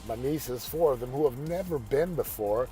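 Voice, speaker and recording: Over soft background music, a father who hosts a motivational podcast shares a family story conversationally and earnestly, then shapes it into a pep talk. His voice is medium-pitched and dark-toned, at a moderate pace.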